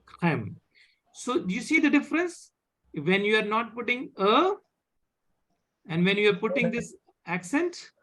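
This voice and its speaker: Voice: medium pitch, sing-song, normal speed, long pauses, a bit bright. A French teacher, leading a live online beginner class over a video call, patiently repeating points and checking that students follow. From India.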